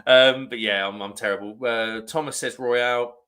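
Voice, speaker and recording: A man's voice: mid-range voice, steady tone, moderate pace, bright, forceful tone. A man hosting a casual beer-review live stream, chatting in a rambling way and reading viewer comments aloud.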